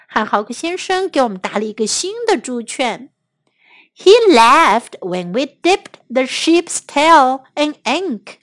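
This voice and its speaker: A woman teacher reads a children's story in two languages for young listeners. Her voice is high and light, and she takes it very slowly and clearly. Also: fairly bright tone, no echo, clean studio sound. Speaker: English teacher.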